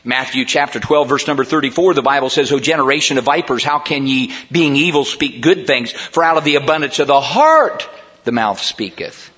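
A man preaching a sermon in a church, emphatic and rising to near shouts on key words. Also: medium pitch, expressive, fairly quick, husky. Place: church sanctuary. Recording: dull sound with long hall reverb.

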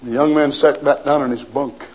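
A man's voice: mid-range voice, steady tone, normal speed, slightly rough, rough recording. A man preacher telling a vivid story in a sermon, then urging listeners with grave appeals. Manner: dramatic storytelling, urgent appeals.

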